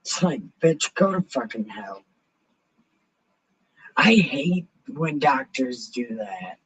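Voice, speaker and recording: A woman hosting a casual livestream, talking in a raspy, altered voice and rambling in a blunt, profane way. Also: rumbling low, big pitch swings, takes it slowly, rough recording. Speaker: livestream host reading the Bible. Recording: home livestream mic.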